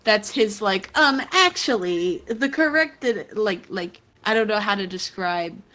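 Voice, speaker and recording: A woman chats casually at a mid pitch. She keeps hesitating and fills her speech with fillers. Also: animated, measured pace, bright, forceful tone. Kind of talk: casual chat.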